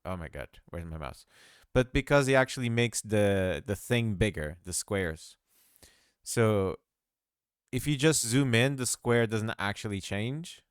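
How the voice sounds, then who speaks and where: Slow, self-mocking man thinking aloud. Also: lowish voice, lively intonation, clean tone, no echo, clean studio sound. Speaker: game dev tutorial host. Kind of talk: casual screen-recorded tutorial.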